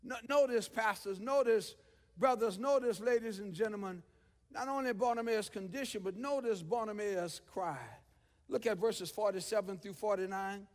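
A man preaching a sermon in a church, using rhythmic repeated phrases that build to shouts. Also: sits high, moderate pace. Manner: rhythmic repetition, rising to shouts. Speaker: pastor. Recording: long church reverb.

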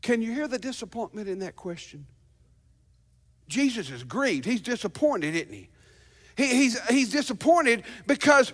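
A male pastor preaching a sermon to his congregation, emphatic and calling out to them, swinging between loud declarations and hushed asides. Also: extremely high pitch. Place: church sanctuary.

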